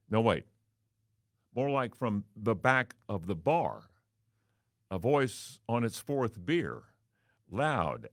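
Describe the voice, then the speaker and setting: Wry male host, baritone, theatrical storytelling, dry close sound. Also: no echo. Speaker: radio and TV host. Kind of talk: storytelling monologue.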